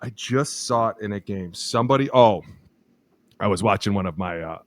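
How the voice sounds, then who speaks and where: Animated storytelling man, dry close mic. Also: on the low side, moderate pace, no room sound. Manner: lively storyteller acting out quotes, laughs often, swears. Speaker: podcast co-host, former offensive lineman. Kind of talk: casual chat, animated storytelling.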